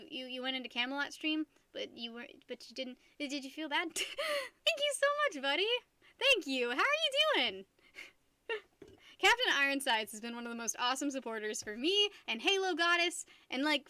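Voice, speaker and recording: Bright, high-voiced giggly young woman streamer. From United States. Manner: chatty, giggly, restarts sentences often. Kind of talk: casual live-stream chat.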